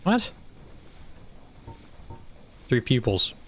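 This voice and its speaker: A man's voice: medium pitch, wildly swooping pitch, drawn-out words, a bit bright. A man streaming a video game live, chatting casually, swearing and laughing as he plays. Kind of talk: casual live gameplay commentary.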